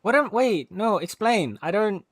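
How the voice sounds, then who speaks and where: A man's voice: sits high, lively intonation, a little slow, dry recording, clean studio sound. A man with a South African accent, a streamer chatting playfully and laughing often with friends while gaming. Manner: giggly, eager, pleading playfully. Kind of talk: casual chat over voice call while gaming.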